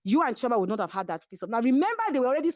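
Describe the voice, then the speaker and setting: A woman with a Nigerian accent, telling a story with lively energy in an interview over a video call, acting out what others said. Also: a little high, racing, dry recording, muffled recording. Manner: acts out other people's voices while retelling. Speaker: reality show cast member, guest.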